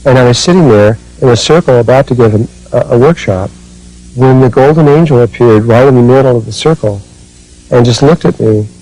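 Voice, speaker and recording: Guy giving a slow spiritual talk, warm mellow voice, lots of uhs and restarts. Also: mid-range voice, rough recording. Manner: slow, halting, with many fillers and restarts. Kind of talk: spiritual talk, personal recollection.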